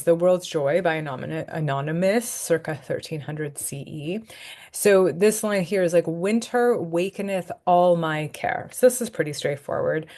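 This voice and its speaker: A woman giving an online lecture on a webcam, chatty and self-deprecating, thinking out loud with fillers. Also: sits low. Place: home, in front of a webcam. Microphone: webcam on a video call.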